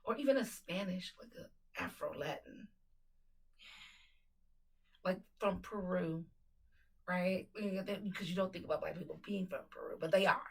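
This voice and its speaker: A woman co-hosting a podcast in casual, animated chat, teasing and laughing often. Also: fairly low pitch, moderate pace, long pauses, far from the mic, poor audio. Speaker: podcast co-host.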